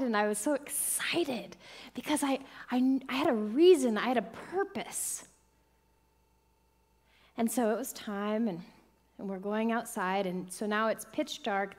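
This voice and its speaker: Woman minister preaching with dramatic swings. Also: a little high. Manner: dramatic swings from hushed whispers to excited, loud bursts. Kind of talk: inspirational sermon storytelling.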